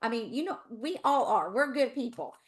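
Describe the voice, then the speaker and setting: A woman's voice: on the high side, expressive, moderate pace. A middle-aged woman with a Southern US accent, a dental hygienist co-hosting a webinar, telling a story in a chatty, rambling way with asides.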